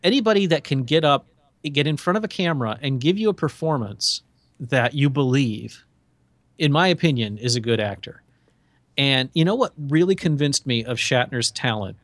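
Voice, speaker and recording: A man co-hosting a podcast, chatting casually and telling stories with lively, acted-out quotes. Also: medium pitch, normal speed, dry recording. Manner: animated storyteller, acts out quotes in shifting voices. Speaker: podcast co-host. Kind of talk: casual chat.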